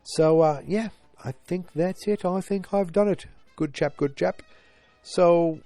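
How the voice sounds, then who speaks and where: A man's voice: high voice, a little slow, dark tone, dry recording, faint music behind. A man hosting a casual solo podcast from his couch at home, talking into a handheld recorder with a congested, nasal voice and thinking aloud as he chats. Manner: chatty, thinking aloud, easily sidetracked. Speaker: podcast host. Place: living room couch at home.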